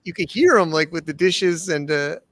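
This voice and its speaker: A man from the United States in his forties, telling stories from his own life. He rambles and restarts as he goes, and his voice sits slightly on the high side. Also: normal speed, fairly bright tone. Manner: rambling, with restarts and acted-out quotes. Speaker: guest. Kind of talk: casual storytelling interview.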